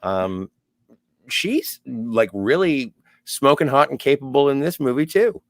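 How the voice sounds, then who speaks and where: A man co-hosting a podcast, chiming in on a film with emphatic, excited opinions. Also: mid-range voice, a little slow, dry recording. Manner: animated, emphatic reactions. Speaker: podcast co-host. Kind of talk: casual podcast discussion.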